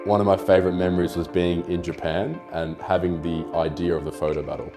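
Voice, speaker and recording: A man's voice: deep voice, brisk. A young Australian man talking casually in an interview, rambling with lots of "like" and the odd swear word. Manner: relaxed, rambling, with filler "like" and swearing. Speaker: photographer and YouTuber being interviewed. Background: faint background music.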